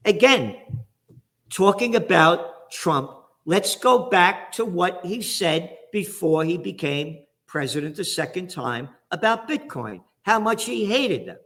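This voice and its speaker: A man's voice: sits high, lively intonation, slow, fairly bright tone. A man from the Bronx with a New York accent, a guest giving fired-up, angry political commentary.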